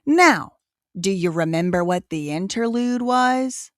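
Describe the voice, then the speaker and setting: A woman's voice: medium pitch, lively intonation, unhurried, no echo. A woman hosting a live show in a loose, rambling commentary style. She circles back and repeats phrases as she talks things through. Her voice sits mid-range, and the recording is close and dry. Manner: rambling, repeats herself, quotes others. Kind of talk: casual commentary.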